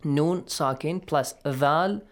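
Taking his time, a man with a higher-side voice teaches recitation in a radio lesson. He coaches students patiently and encouragingly, explaining and demonstrating sounds.

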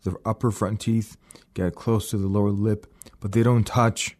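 A man teaching recitation on a radio program, explaining slowly and repeating words to demonstrate. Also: lowish voice, level tone, a little mellow. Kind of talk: radio lesson.

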